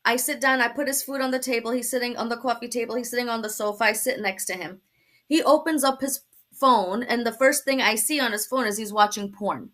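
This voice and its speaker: A young woman from Brooklyn, telling her conversion story as a guest, animated and laughing often. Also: on the high side, a little fast. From Brooklyn, New York. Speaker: guest sharing testimony. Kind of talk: personal testimony in a talk show.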